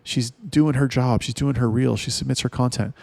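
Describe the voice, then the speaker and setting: Blunt, profane man with a gravelly voice. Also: mid-range voice, steady tone, moderate pace, darkish tone, no room sound. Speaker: talk host. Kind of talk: casual ranting monologue.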